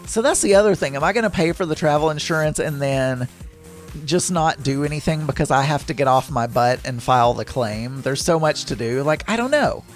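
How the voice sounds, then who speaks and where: A man's voice: a little high, animated, brisk, soft background music. A man hosting his own podcast, chatting casually in a rambling way and laughing easily as he talks from home. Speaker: podcast host. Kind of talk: casual solo podcast monologue.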